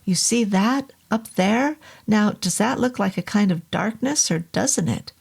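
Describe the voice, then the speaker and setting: Woman playing a puzzled male cop, slow drawl, gravelly, storybook. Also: mid-range voice, expressive, a little mellow, exaggerated voice.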